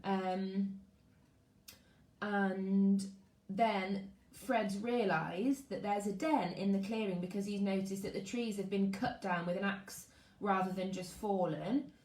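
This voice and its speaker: This primary school teacher speaks slowly in a mid-range voice while streaming a lesson from her living room at home. She's lively, greets her pupils by name, reads out comments, and has a chat before reading aloud, and the recording has an echo.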